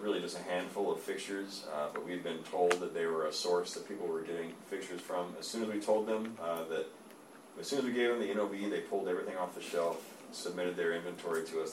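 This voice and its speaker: A man, an engineer, giving a measured report in a meeting, with plenty of fillers. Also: low-pitched, steady tone. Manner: plain, measured, halting with fillers. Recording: echoey room, distant mic, noisy.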